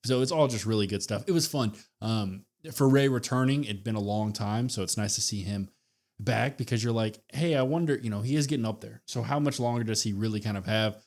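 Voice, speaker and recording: A man co-hosting a podcast, giving his opinions in a relaxed, casual way. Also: on the low side, a little fast. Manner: relaxed, thinks aloud with fillers. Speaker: podcast co-host. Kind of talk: casual wrestling review chat.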